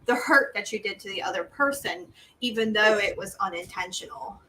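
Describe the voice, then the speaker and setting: Young woman, bright tense voice, animated storytelling, distant mic with faint noise. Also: medium pitch, normal speed. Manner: animated storyteller, laughs often. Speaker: co-host of a live stream talk show. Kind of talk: casual conversational chat.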